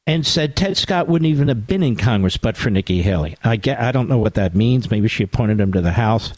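Male radio host, middle pitch, biting and sarcastic, dry close-mic studio sound. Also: dry recording. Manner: sarcastic, animated, asides to his producer. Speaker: radio talk show host. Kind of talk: opinionated political talk radio monologue.

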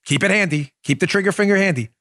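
A man hosting a political talk show, delivering an emphatic, animated monologue full of rhetorical questions. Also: high voice, fast, no room sound, clean studio sound.

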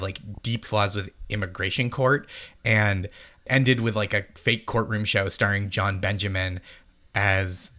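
Bright-voiced comedian telling a story. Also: male voice, lowish voice, gravelly. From Massachusetts, United States. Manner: animated storytelling, heavy use of "like". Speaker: comedian guest. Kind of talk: casual interview chat.

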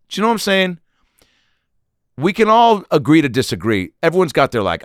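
A man's voice: a little high, huge pitch swings, moderate pace, no echo, clean studio sound. A man hosting a podcast, telling a rambling, profane, self-mocking comedic story. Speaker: podcast host.

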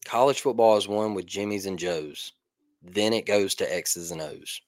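A man co-hosting a casual sports talk podcast, hoarse with his voice mostly gone, talking excitedly and laughing often. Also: sits low, moderate pace, no room sound. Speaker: podcast co-host.

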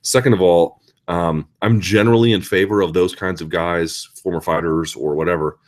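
A male host of a live chat show, talking casually and answering viewer questions in an animated, ranting, sarcastic way. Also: sits low, moderate pace.

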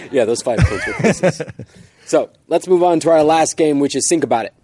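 A man's voice: on the high side, expressive, dark tone. A man hosting an improv comedy game show, reading stage directions and explaining rules in an upbeat way. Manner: upbeat, quick to laugh.

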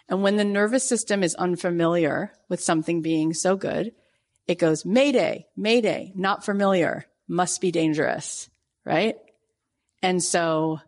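A woman host giving a casual motivational talk, chatty and full of "like" and "right?", acting out her own reactions with big jumps in pitch. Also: darkish tone. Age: adult with a young daughter. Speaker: podcast host.

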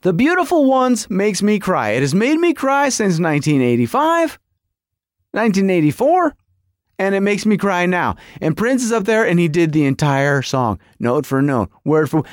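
A man in his forties telling a story as a podcast host, excitable and acting out songs and quotes. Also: high-pitched, normal speed, no echo, studio quality. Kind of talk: animated storytelling.

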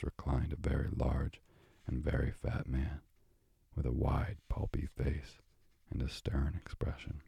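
A man narrating a storybook aloud in a slow, measured way. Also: a bass voice, gravelly, mellow, slightly rough, no echo. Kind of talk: audiobook narration.

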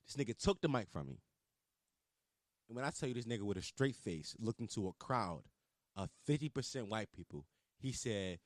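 A man hosting a casual solo podcast, telling stories in a slangy, swearing, animated way and acting out his own hype lines. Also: mid-range voice, brisk, no room sound, studio quality. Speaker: podcast host. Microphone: podcast microphone.

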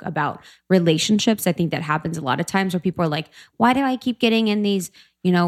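Co-host, woman: lowish pitch, reflective, loose and filler-heavy. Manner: reflective, self-help phrasing with many fillers. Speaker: podcast co-host. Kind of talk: casual podcast conversation.

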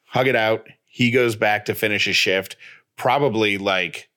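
A man's voice: lowish voice, a little slow. A man co-hosting a podcast, casually telling a story and acting out the dialogue as he goes. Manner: animated, retells with quoted dialogue. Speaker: podcast co-host.

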